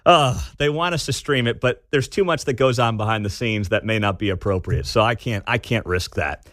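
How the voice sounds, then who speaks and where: A man hosting a talk radio show, giving animated, sarcastic commentary from a studio. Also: on the low side, brisk, dry recording.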